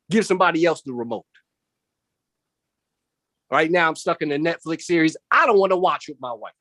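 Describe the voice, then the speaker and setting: A man doing animated stand-up comedy over a video call from home, jumping into voices of family and coworkers. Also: a little high, a little fast, long pauses, dry recording, clean studio sound. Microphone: computer mic on a video call.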